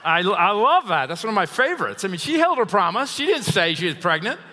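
A man preaching in a church sanctuary, his bright, somewhat high voice trailing off into a long hall reverb. He tells stories with a chuckle and an animated delivery. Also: brisk, slight background noise. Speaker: pastor. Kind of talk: sermon.

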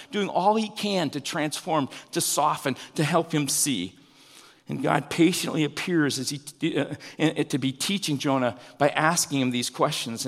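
Male pastor, sermon delivery, slightly high voice, long hall reverb. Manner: animated preaching, pitch rising and falling with emphasis.

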